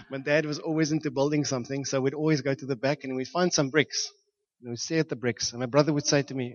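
A man from Johannesburg, preaching a storytelling sermon and acting out shouts and sound effects with frequent laughter. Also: mid-range voice, fairly even intonation, quick pace, lo-fi sound. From South Africa, Johannesburg.

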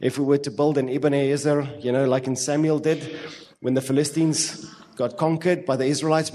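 A male pastor with a South African accent preaching a sermon with fervent, repetitive phrasing and quick asides. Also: mid-range voice, flat delivery, mellow. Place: church hall. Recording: long reverb of a church hall.

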